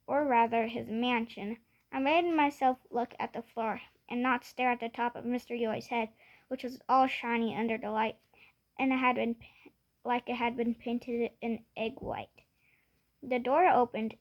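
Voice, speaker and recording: A woman reading a children's novel aloud in first person, often restarting words. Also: fairly high pitch. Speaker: reader.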